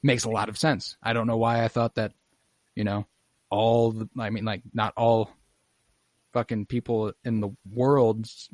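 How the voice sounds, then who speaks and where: A man hosting a podcast over a video call, recapping an episode in excited casual chat, with plenty of fillers and swearing. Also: lowish voice, unhurried, dry recording, clean studio sound. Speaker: podcast host.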